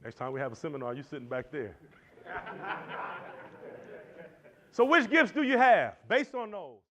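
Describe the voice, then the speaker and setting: A man teaching at a Christian men's conference, animated and preacherly, swinging between loud and soft. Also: sits high, a little slow. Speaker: conference speaker. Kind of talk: motivational church teaching. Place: lecture hall. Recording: dull lo-fi recording.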